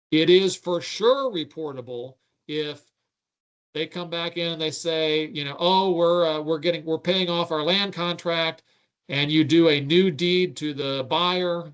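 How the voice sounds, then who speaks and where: A man with a smooth, resonant voice and a slightly raised pitch runs a webinar question-and-answer session. He reads out each question, then explains the answer at length. His talk is full of ums and uhs. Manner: explains at length, with many filler "uh"s and "um"s. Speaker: webinar presenter.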